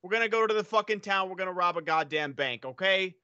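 A man's voice: high voice, lively intonation, fast, clean tone, no room sound, highs cut off, pitched above the performer's own voice. A man putting on a Boston accent to play a furious, foul-mouthed local ranting at people. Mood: angry rant. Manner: shouted swearing rant.

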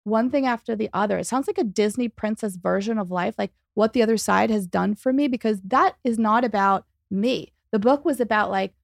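A woman telling a story as a guest in a podcast interview, animated and quick, acting out the people she quotes. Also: mid-range voice, creaky, no room sound, studio quality. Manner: fast, animated, acts out quoted dialogue. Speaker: psychic medium and author, guest.

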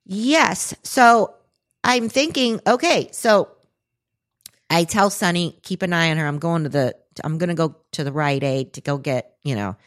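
A woman in her forties, a podcast co-host, telling a story in casual chat and acting out the quotes. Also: unhurried. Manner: animated, acts out quotes with big pitch jumps.

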